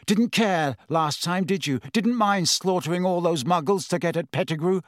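A man's voice: sits high, normal speed, no echo, clean studio sound, natural voice. A man voicing a furious, reckless thirteen-year-old boy who spits out angry accusations in an audiobook. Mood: enraged. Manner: spitting, enraged. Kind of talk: audiobook character voice.

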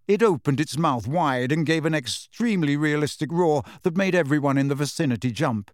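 A man narrating an audiobook in a measured storytelling manner. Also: fairly high pitch, no room sound, clean studio sound. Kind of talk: scripted narration.

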